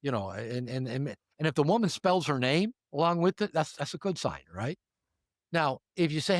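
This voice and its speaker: A man's voice: on the high side, normal speed, dry recording, studio quality. An older man, a relationship therapist, giving casual advice in an interview and acting out short exchanges in different voices. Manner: animated, acts out little dialogues with changing voices.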